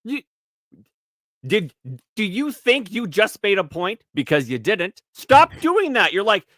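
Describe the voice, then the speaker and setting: A man's voice: high-pitched, big pitch swings, a little slow, fairly bright tone, no room sound, clean studio sound. A man co-hosting a podcast in casual banter, crude and teasing, often slipping into mocking voices. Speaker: podcast co-host.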